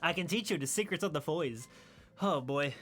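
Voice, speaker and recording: A man's voice: a little high, lively intonation, moderate pace, fairly bright tone. Rambling young male streamer. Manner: rambling, laughs often, self-deprecating. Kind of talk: casual chat.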